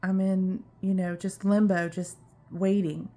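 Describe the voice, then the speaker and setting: Slow, flat-voiced woman, out of breath. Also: medium pitch. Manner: earnest, reflective, repeats herself for emphasis. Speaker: vlogger. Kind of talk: personal video diary.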